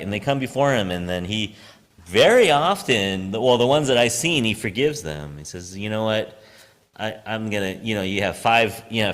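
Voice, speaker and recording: Man preaching, a chatty storyteller with a lively, expressive pitch, recorded in a church with a long echo. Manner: chatty, self-deprecating, laughs often, animated storytelling. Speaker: pastor. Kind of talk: casual conversational sermon. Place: church sanctuary. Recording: long hall reverb.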